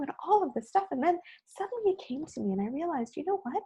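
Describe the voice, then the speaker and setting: A woman's voice: sits high, sing-song, fast, few pauses, mellow, muffled recording. A woman giving an earnest, personal keynote talk on video, speaking conversationally and often saying "you know". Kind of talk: motivational talk recorded on video.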